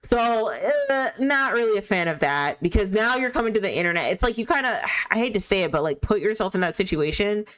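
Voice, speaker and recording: A woman's voice: medium pitch, lively intonation, brisk, hardly any pauses, fairly bright tone. A woman streaming live, talking in a rambling, candid, opinionated way, full of filler words. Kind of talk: casual chat while gaming.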